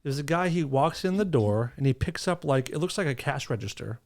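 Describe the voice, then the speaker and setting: A man's voice: on the high side, lively intonation, brisk, darkish tone. A man co-hosting a podcast, chatting casually and dropping sarcastic, joking asides. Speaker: podcast co-host. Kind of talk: casual chat.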